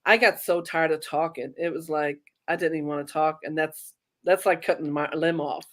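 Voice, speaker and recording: A middle-aged woman from Ireland whose Irish accent has been softened by decades in the American South, telling stories animatedly in a casual interview. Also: sits low, moderate pace. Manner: animated storyteller, acts out quoted voices. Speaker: guest.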